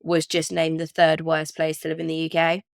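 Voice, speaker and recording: A woman's voice: low voice, completely flat delivery, moderate pace, creaky, dry recording, clean studio sound. A woman with an Essex accent co-hosting a podcast in casual chat, chatty and self-mocking. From England. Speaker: podcast co-host.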